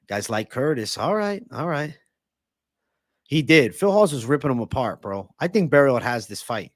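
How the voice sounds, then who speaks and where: A man's voice: mid-range voice, expressive, normal speed, no echo, clean studio sound. A young man hosting a live stream, reading chat and breaking down fights in brash, profane banter. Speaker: livestream host and fight analyst.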